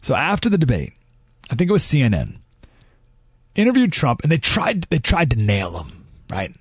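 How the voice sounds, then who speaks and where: A man's voice: medium pitch, wildly swooping pitch, normal speed, husky, dry recording, clean studio sound. A man hosting a talk radio show, giving emphatic commentary full of rhetorical questions.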